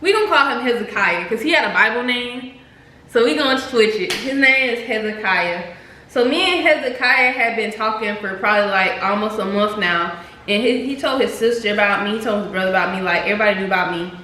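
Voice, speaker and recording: Chatty young woman, bright echoey voice. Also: mid-range voice, brisk. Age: young adult. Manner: chatty, slangy, addresses viewers as "y'all". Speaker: vlogger telling a story. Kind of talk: casual storytime chat. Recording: echoey room with faint noise.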